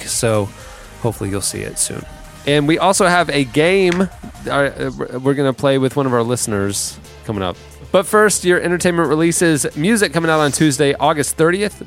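Chatty male podcast host. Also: medium pitch. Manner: chatty, self-deprecating, reads release news. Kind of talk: casual podcast chat.

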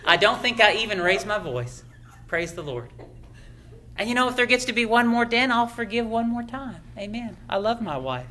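A man's voice: high voice, big pitch swings, moderate pace, pushed and bright. A middle-aged man preaching a sermon as pastor, emphatic, with frequent amens and chuckles.

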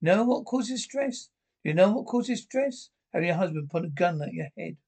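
A woman's voice: low-pitched, steady tone, fast talker, creaky, darkish tone, slightly rough, full character voice. An actress playing an exasperated, vain suburban wife who nags her husband shrilly.

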